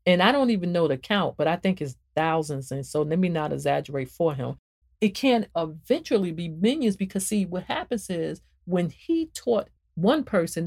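A woman hosts a spiritual talk in a sermon-like manner and speaks straight to her listeners. Her voice sits low and sounds warm and mellow. She keeps swinging her pitch for emphasis and repeats her phrases. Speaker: podcast host and author.

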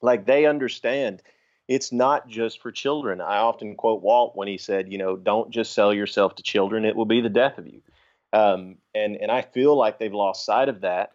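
A man's voice: fairly low pitch, moderate pace, darkish tone. Thoughtful man chatting, muffled sound. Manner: reflective, explains his views at length. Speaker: podcast guest. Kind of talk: casual chat. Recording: dull lo-fi podcast audio.

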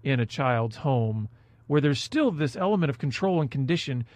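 A man's voice: mid-range voice, lively intonation, normal speed, darkish tone, no echo. A man with a mid-range voice co-hosts a reflective, faith-based discussion. He talks thoughtfully and asks long, searching questions. His voice is recorded close and dry. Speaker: co-host.

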